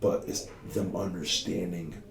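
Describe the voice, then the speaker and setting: A strength and conditioning coach in his thirties chats on a casual podcast, his low-pitched voice going a little slow. He's an animated storyteller who acts out bits of dialogue, recorded in an echoey office with the mic at a distance.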